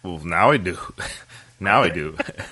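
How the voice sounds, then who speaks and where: A man's voice: deep voice, animated, moderate pace, sharp tone, husky, no echo. A man hosting a podcast, chatting casually and enthusiastically, joking with his guest. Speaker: podcast host.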